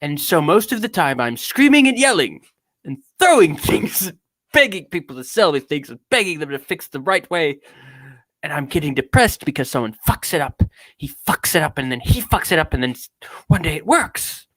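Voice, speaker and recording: A streamer adopts a put-on British accent for a dramatic reading of a text, playing a grandiose, anguished man reading out his own confession with theatrical grandeur. The voice is medium-pitched, sing-song and a bit bright, at normal speed, in a dry recording.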